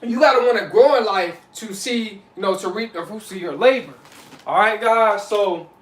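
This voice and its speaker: A man's voice: high voice, moderate pace, far from the mic. A man vlogging casually to camera, preaching advice in a repetitive, loose way and often asking "you know what I'm saying". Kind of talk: casual motivational talk to camera. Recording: echoey room, voice off-mic.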